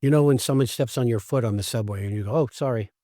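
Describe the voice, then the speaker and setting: A man's voice: medium pitch, rapid-fire, no echo, clean studio sound. A man co-hosting a podcast, telling stories in casual conversation and acting out the lines he quotes. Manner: animated storyteller who acts out quoted lines. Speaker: podcast co-host, acting teacher.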